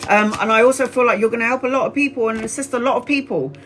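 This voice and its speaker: A woman giving live-stream tarot readings in an excitable way, often laughing and exclaiming, and calling viewers sweetheart. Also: a little high, rapid-fire, rough recording. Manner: affectionate, calls viewers sweetheart. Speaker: tarot reader.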